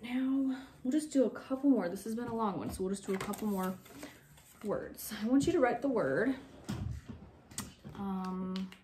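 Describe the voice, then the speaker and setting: A young woman teacher giving a recorded spelling lesson to young pupils, spelling words out slowly letter by letter and encouraging them. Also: mid-range voice, warm tone, a little hiss or hum.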